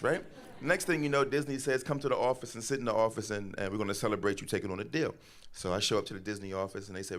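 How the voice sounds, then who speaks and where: Fast-talking man telling stories on stage. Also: low voice. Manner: casual, animated, acts out quoted voices. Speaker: guest author speaker. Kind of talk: storytelling talk on stage.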